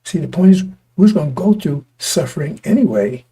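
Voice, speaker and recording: Hoarse, gravelly male preacher. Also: fairly high pitch, sing-song, fairly quick, mellow. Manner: repetitive, stop-start, rhetorical questions to listeners. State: voice going hoarse. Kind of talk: street-style sermon to a congregation.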